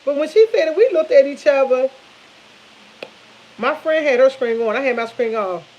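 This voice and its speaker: Her high voice comes through a rough recording at a moderate pace. She's a vlogger in her fifties, cooking in her kitchen and chatting casually with viewers, whom she calls "y'all," as she tells animated stories punctuated by laughter.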